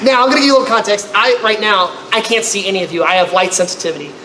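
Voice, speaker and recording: A male convention panelist with a high, bright voice tells comic stories very fast to a live audience. He animatedly acts out other characters with loud, high-pitched outbursts, and the panel room is echoey with faint noise.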